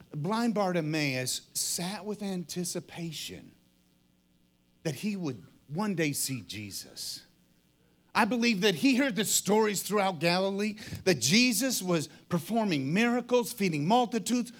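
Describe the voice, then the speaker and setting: Animated, high-voiced male preacher. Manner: dramatic storytelling, acting out voices and shouts. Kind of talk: sermon.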